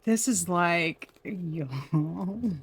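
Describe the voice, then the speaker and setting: A woman doing a casual tarot reading for viewers, chatty and quick to laugh. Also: fairly low pitch, animated, husky. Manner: chatty, laughing often, addresses viewers as y'all. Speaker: tarot reader.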